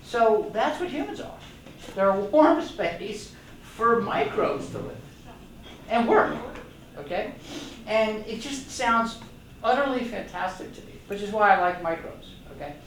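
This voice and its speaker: A man's voice: high voice, animated, unhurried, fairly bright tone, a little hiss or hum. Older man, retired doctor, rambling enthusiastic talk, audience jokes, very echoey room, distant mic. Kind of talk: informal lecture to a club audience. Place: meeting room.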